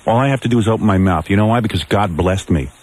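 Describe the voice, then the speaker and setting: A man's voice: lowish voice, fast. A man in his thirties hosting morning radio, ranting and taunting a rival with brash, mocking insults. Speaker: radio host.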